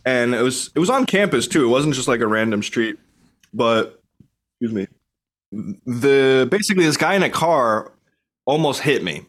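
A man's voice: medium pitch, sing-song, normal speed, fairly bright tone. A man telling casual stories on a podcast, laid-back and meandering, often correcting himself as he goes. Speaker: podcast guest. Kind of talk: casual storytelling.

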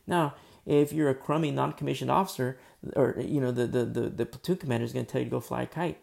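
A man giving a conversational sermon as a preacher, informal and full of fillers, often dropping to a soft murmur. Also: medium pitch, fast talker, gravelly.

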